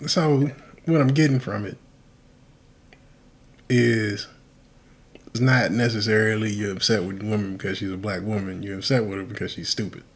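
A man co-hosting a casual podcast, talking emphatically and with lots of profanity, rising to loud exasperation. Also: on the low side, steady tone, normal speed, long pauses. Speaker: podcast co-host.

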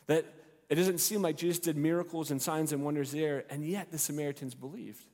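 A man's voice: a little high, fairly even intonation, brisk, a little mellow. A male pastor preaching a sermon, retelling the story expressively and acting out the characters' lines. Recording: long hall reverb.

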